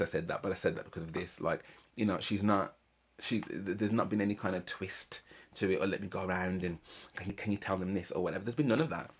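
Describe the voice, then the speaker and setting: A man's voice: sits low, breathy edge. A man casually recapping a reality show episode in a chatty, rambling way. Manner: chatty, rambling, mimics cast members. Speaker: reaction channel host.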